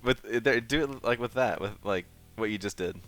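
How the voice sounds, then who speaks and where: A man's voice: lowish voice, fairly quick, fairly bright tone, no echo. A man chatting and teasing friends on a livestream, laughing often. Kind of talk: casual chat on a livestream.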